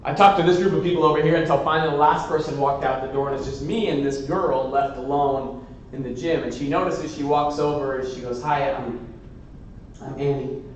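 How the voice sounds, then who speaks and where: A man from Washington state giving a motivational keynote to a youth assembly. He tells stories in an animated, lively way and laughs often. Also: on the high side, quick pace, muffled recording, a little hiss or hum. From Washington state, USA. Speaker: keynote speaker. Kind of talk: motivational storytelling speech. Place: large indoor assembly hall. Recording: very echoey hall, speaker far from mic.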